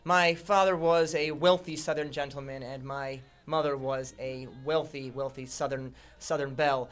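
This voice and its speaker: A man's voice: mid-range voice, fairly even intonation, normal speed, fairly bright tone. A man guest doing satirical in-character comedy with a grandiose, preacher-like delivery.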